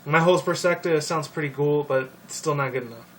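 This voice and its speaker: A young man rambling casually about a video game series, swearing often and filling pauses with ums and likes. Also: a little high, fairly bright tone. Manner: profane, rambling, many fillers. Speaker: video commentator. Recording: distant mic with faint noise.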